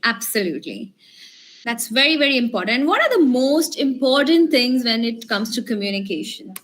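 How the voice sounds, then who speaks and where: A woman's voice: fairly high pitch, sing-song, normal speed, a bit bright. A woman leading an online workshop, encouraging the group and asking them questions. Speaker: communication skills trainer. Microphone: video call.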